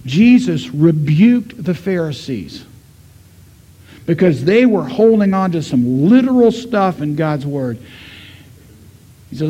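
A middle-aged man preaching a sermon, telling a story and voicing the people in it, swinging from loud to hushed. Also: fairly high pitch, very animated, slow, long pauses, slightly rough. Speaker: pastor.

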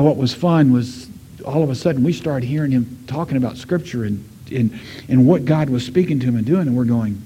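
A middle-aged man preaching a sermon, telling a story and voicing the people in it, swinging from loud to hushed. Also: a little high, breathy edge. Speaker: pastor.

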